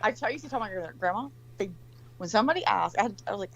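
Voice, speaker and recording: A woman's voice: mid-range voice, lively intonation, rapid-fire, gravelly, lo-fi sound. A woman guest on a casual livestream chat, telling blunt, profane stories and mimicking the people she quotes.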